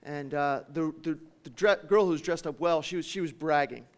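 Male pastor, high voice, impassioned sermon, loud to hushed swings. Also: normal speed.

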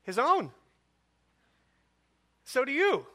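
Man, pastor, sermon, high voice, forceful, rhetorical questions, dramatic pauses. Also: wildly swooping pitch.

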